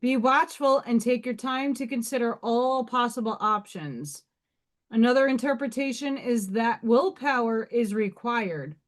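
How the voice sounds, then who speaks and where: Woman, thirties, livestream host, unhurried, slightly high voice, blunt. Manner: blunt, swearing, laughing asides. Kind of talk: casual livestream chat and rune reading.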